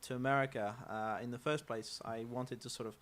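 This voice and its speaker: A man with an English accent, a guest chatting casually on a talk show in a relaxed, playful way with frequent hesitations. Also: mid-range voice, a little fast. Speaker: studio guest.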